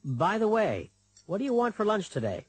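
Guy doing friendly upbeat textbook dad, real husky voice, bouncy delivery. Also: high-pitched, huge pitch swings, normal speed, no echo, heavily acted. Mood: cheerful. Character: cheerful family father. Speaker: father in a textbook dialogue. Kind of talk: scripted textbook dialogue.

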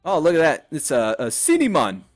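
A man's voice: on the high side, wildly swooping pitch, normal speed, faint music behind. A young man commenting on a game he is playing, joking and offhand. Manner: wisecracking, offhand. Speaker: let's play gamer.

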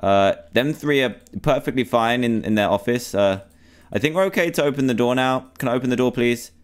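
A man's voice: mid-range voice, brisk, clean tone. A man commentating on a horror game, panicky and pleading, repeating himself as he talks to himself. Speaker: gamer.

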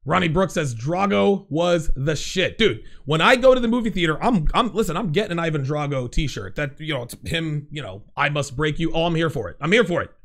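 A man in his forties hosting a live call-in show, talking in an animated, emphatic way and repeating his phrases. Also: on the high side, a little fast, creaky, hardly any pauses. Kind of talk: casual call-in chat.

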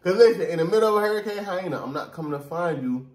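Guy on a couple vlog telling a story, kinda high voice, playful, echoey room. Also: very fast. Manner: animated, playful, acts out quotes. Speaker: vlog co-host. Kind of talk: casual storytelling chat. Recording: roomy echo, distant mic.

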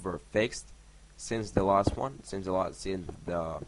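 A man's voice: low voice, measured pace. A young man telling a story while playing a game, rambling and swearing often. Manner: rambling, swears a lot, counts blocks under his breath. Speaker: gaming vlogger. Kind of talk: casual storytelling over gameplay. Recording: noisy home mic recording.

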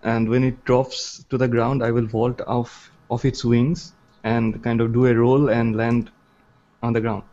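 A man's voice: medium pitch, little pitch movement, measured pace, mellow. Eager man on a dull lo-fi line. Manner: eager, thinks aloud while planning moves. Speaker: player. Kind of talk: casual game talk.

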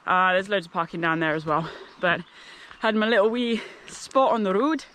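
A woman's voice: mid-range voice, moderate pace, a bit bright, a little hiss or hum. Chatty woman hiking outdoors. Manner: chatty, upbeat, rambling with fillers. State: groggy, tired. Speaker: hiking vlogger. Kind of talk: casual vlog to camera. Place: outdoors on a mountain roadside and trail. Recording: music playing underneath.

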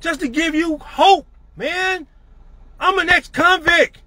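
High, bright-voiced man ranting profanely. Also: takes it slowly, no room sound. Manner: profane, emphatic, preachy. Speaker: network marketing leader. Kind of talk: motivational rant.

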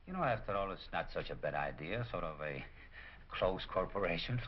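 Curt crook boss, low pitch, sneering, muffled 1940s film audio. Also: male voice, lively intonation, brisk, a little hiss or hum. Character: hard-nosed male crook running a shady business. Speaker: criminal boss. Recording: dull old film soundtrack.

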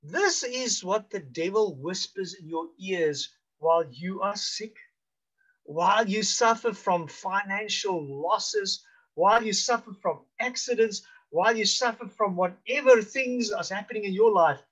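Slow-preaching South African male pastor. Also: high voice, husky. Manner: slow, deliberate preaching with emphatic rises and hushed drops. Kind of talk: sermon.

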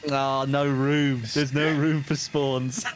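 Laughing man on loud game voice chat. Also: medium pitch, flat delivery, very noisy. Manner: laughs often, drawn-out reactions. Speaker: gaming friend. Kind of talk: casual game chat with friends.

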